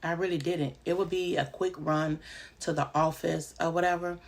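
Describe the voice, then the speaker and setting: A woman's voice: low-pitched, fairly even intonation, moderate pace. A woman who runs a home daycare, giving casual advice in a vlog and stressing her points by repeating them.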